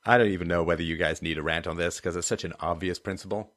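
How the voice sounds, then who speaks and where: Deep-voiced man hosting a live chat stream, digressive and wry, with dry close sound. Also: fairly even intonation, fast, a bit bright, no echo. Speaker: livestream host. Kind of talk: livestream chat and donation appeal.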